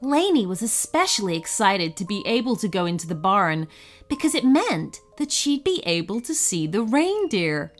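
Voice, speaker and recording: A woman narrating a children's Christmas story in an expressive storybook reading. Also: medium pitch, moderate pace, faint music behind.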